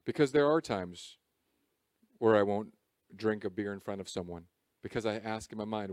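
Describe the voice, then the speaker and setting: Animated male pastor preaching. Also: on the low side, normal speed, no room sound, clean studio sound. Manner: animated, conversational preaching with jokes. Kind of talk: sermon. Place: church service.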